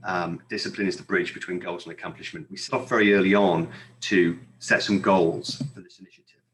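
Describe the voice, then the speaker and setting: A man's voice: sits low, steady tone, a little fast, a bit bright, a little hiss or hum. A man from the United Kingdom with a British accent, giving an upbeat, chatty conference presentation with frequent fillers. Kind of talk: webinar presentation.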